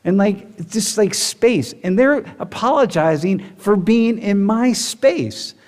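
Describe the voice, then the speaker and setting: A male professor lectures his class in a rambling, animated way, dropping "like" into nearly every phrase. His voice sits high for a man. The sound rings with the long reverb of a large lecture hall. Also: slow. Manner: animated, rambling, many "like" fillers. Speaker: university professor.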